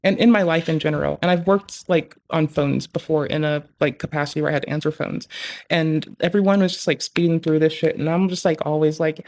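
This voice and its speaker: Rambling, profane live streamer. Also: mid-range voice. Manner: rambling, profane, self-interrupting; quick, animated delivery with many fillers. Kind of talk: casual live-stream chat.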